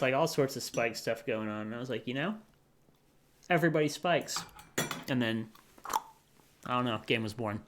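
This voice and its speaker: A man's voice: medium pitch, bright, forceful tone. A man streaming himself playing games live, chatting in a rambling, casual way and muttering to himself as he clicks around. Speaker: game streamer.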